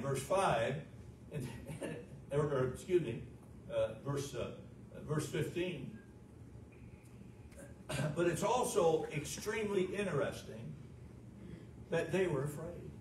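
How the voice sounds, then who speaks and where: A man's voice: a little high, lively intonation, slow, pauses often, darkish tone. A man pastor preaching a sermon, emphatic, asking the congregation questions. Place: church sanctuary. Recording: echoey room, distant mic, noisy.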